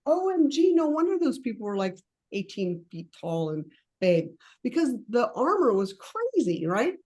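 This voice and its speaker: Leading an online coaching class, a woman speaks at a normal speed in a slightly high voice. She's chatty and animated, laughing often and acting out conversations with clients.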